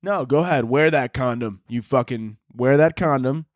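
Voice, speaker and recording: A man's voice: mid-range voice, normal speed, no room sound, clean studio sound. A young man hosting a podcast, rambling through a comic monologue, swearing often and laughing at his own jokes. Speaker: podcast host. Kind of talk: casual comedic monologue.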